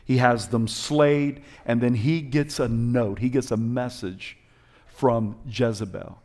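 A male preacher giving a passionate sermon, calling out to his congregation and swinging between loud exhortation and quiet, hushed moments. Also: medium pitch, fairly even intonation, takes it slowly. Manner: passionate, call-and-response, swings from shouts to hushed.

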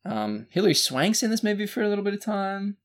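A man's voice: high voice, big pitch swings, fast talker. An Australian man co-hosting a casual podcast, rambling through a movie review with lots of fillers and restarts. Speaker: podcast co-host.

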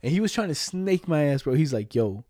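A young man rattles off a rambling story at a fast clip, full of slang and cursing. His voice is dark and mellow, and the recording is dry and close. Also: on the high side, sing-song, no echo. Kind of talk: casual chat.

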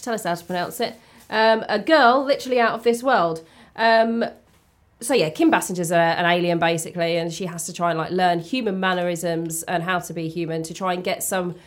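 A woman, co-hosting a podcast in a casual, rambling way with frequent ums. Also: lowish voice. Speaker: podcast co-host. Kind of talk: casual chat. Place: warm indoor room.

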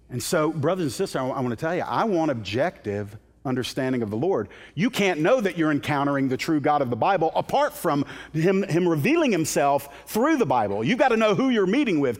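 High-voiced man preaching in a reverberant hall. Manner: impassioned, building to emphatic peaks, with repeated restarts. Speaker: guest preacher. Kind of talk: sermon. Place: church sanctuary. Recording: long hall reverb in a sanctuary.

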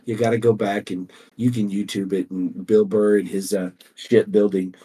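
A man's voice: fairly low pitch, little pitch movement, warm tone, breathy edge. A man, chatting casually as a podcast co-host, who rambles and restarts his sentences. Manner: rambling, halting restarts, drawling. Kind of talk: casual chat.

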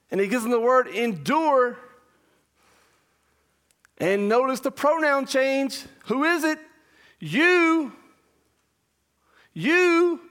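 A man, a pastor and father, preaching an impassioned verse-by-verse sermon, shouting much of it and then dropping to a low voice. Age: young adult or middle-aged parent.

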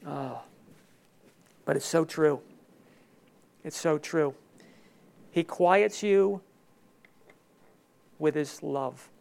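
A man preaching a sermon with emotion, swinging between loud emphatic passages and soft hushed ones. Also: on the high side, extremely slow, gravelly, long pauses. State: tearful. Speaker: pastor.

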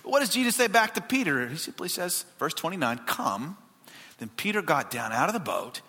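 A male pastor delivering a sermon to his church, swinging from loud emphatic lines to hushed, quiet asides. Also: fast, in a large hall, a little hiss or hum. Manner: animated preaching with wide pitch swings and hushed asides.

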